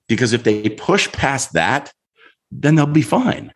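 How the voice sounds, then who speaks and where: A middle-aged man, a guest on a show, telling a story in an animated way and acting out voices as he goes. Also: mid-range voice, measured pace. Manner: lively, acts out voices in his story.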